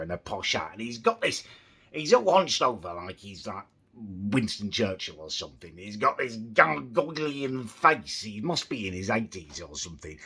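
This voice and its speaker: A young man talks straight to his vlog camera in a casual rant. His voice is bright and sharp but very husky and raspy, and it sits fairly low. He sounds exasperated and sarcastic as he complains. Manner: quiet, subdued at the start. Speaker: vlogger.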